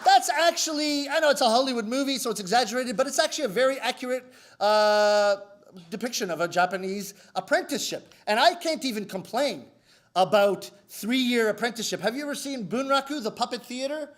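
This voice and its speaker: A man performing comic storytelling live, animated and theatrical as he speaks to the audience. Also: extremely high pitch, a little fast. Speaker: rakugo storyteller.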